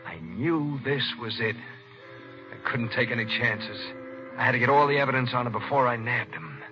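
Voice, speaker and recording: A man's voice: medium pitch, lively intonation, moderate pace, over music, natural voice. An actor playing a tough, terse city detective who narrates his own case in 1940s radio drama style, with clipped tough-guy delivery. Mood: tense. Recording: dull lo-fi 1940s radio recording.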